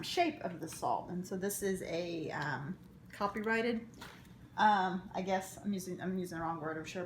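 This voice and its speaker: A woman's voice: medium pitch, echoey room, slight background noise. A woman casually demonstrating a home cooking recipe in her kitchen, chatty and rambling, with joking asides. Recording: kitchen clatter of dishes and pans.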